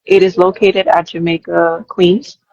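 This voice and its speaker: A woman's voice: fairly low pitch, flat delivery, a little slow, darkish tone, no echo, lo-fi sound. A young woman, a college student, answering interview questions in an earnest way, thinking aloud and restarting her sentences. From New York. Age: young adult. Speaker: interview guest.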